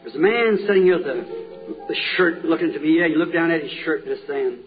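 A man preaches a healing revival with fervor, asking his listeners the same questions over and over. His voice sits slightly high. It comes through a thin, phone-like old recording, with music playing clearly behind him. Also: expressive, fairly quick. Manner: fervent, repeats questions to the crowd. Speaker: evangelist preacher. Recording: tinny lo-fi old tape.

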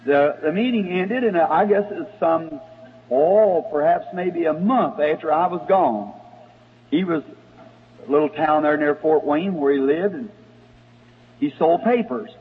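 A man preaching a sermon, telling a story in a folksy way and rising to excited shouts at times. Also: on the high side, measured pace, breathy edge. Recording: tinny lo-fi old sermon recording in a reverberant hall.

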